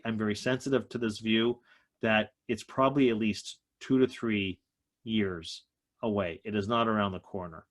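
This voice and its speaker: A man with a fairly low voice delivers an economic outlook to a group over a video call. He talks emphatically, stressing his key points, and sounds a little out of breath. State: slightly out of breath. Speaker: economist guest speaker.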